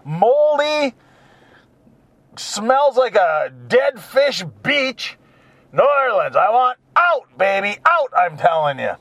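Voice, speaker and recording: A man's voice: very high-pitched, big pitch swings, slow pace, a bit bright, no room sound, heavily acted. A man putting on the voice of a fed-up male basketball star who bluntly grumbles that he wants out.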